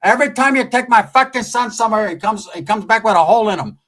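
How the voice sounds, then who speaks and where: A man voicing his adult cousin as a high, strained, whining guy who is dazed after a blow to the head. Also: fast talker, a bit bright. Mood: complaining.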